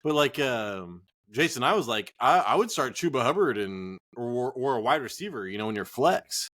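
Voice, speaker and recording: A man's voice: mid-range voice, very animated, moderate pace, a bit bright. A man co-hosting a casual fantasy football podcast, a bit tipsy from drinking, joking, swearing and rambling. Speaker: podcast co-host.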